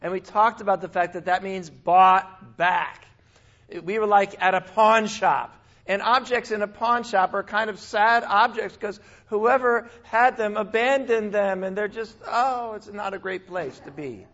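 A male pastor preaching a sermon in a conversational, animated way, with asides and small laughs. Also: high-pitched, unhurried, highs cut off.

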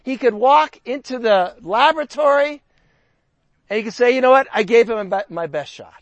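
A man's voice: extremely high pitch, animated, moderate pace, no echo, muffled recording. A man preaching a sermon, chatting in a conversational way and lifting his voice for emphasis when he reads scripture. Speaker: pastor.

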